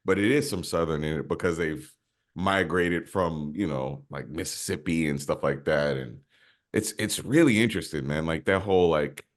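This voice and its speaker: A male podcast co-host in casual chat, musing slowly with a slight stutter and a habit of saying "man.". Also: a bass voice. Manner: musing, slow, repeats "man".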